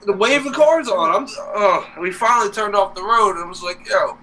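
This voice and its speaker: High, bright-voiced laughing young man. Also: moderate pace, slight background noise. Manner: laughing, animated storyteller. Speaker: co-host. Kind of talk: casual chat.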